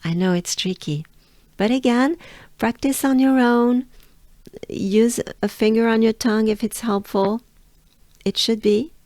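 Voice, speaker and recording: A woman from France with a French accent, teaching pronunciation and drilling the sounds slowly and over and over. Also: a little high, a little mellow, dry recording, clean studio sound. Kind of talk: slow pronunciation lesson.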